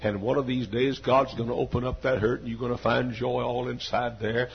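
A man in his sixties preaching a sermon with an emphatic, repetitive cadence that swings from hushed to loud. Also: medium pitch, little pitch movement, a little fast, creaky, dull audio, slight background noise. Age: 60s. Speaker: pastor.

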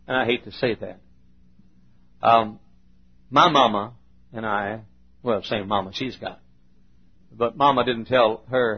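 Older male preacher, husky, dull lo-fi sound; storytelling sermon that swings from hush to loud emphasis. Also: on the high side.

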